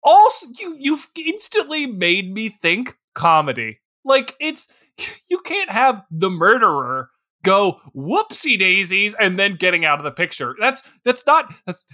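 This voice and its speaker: A man's voice: sits high, a little slow. A young man co-hosting a comedic movie review podcast, riffing casually and acting out silly voices. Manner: animated, acts out silly voices for characters. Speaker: podcast co-host.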